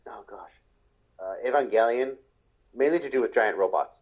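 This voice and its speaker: A man's voice: mid-range voice, moderate pace, muffled recording. A man co-hosting a podcast, chatting casually about old cartoons in a rambling way full of fillers. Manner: rambling, laughs along, lots of fillers. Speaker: podcast co-host. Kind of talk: casual chat commenting on cartoons.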